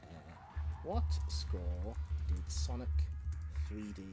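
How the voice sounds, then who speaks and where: Give me a chatty man hosting a casual comic read-along stream, lively pitch. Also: takes it slowly, over music. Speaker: streamer host.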